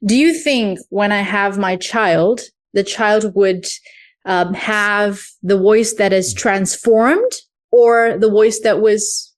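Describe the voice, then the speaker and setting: A woman's voice: medium pitch, takes it slowly. A woman hosting a podcast interview, asking thoughtful questions and giving frequent listening murmurs. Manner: attentive, frequent "mm" listening cues. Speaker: podcast host.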